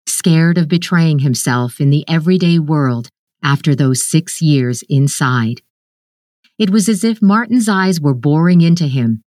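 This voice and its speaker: Slow low-voiced woman reading a story. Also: lively intonation, darkish tone, no room sound, studio quality. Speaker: narrator. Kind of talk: literary short story reading.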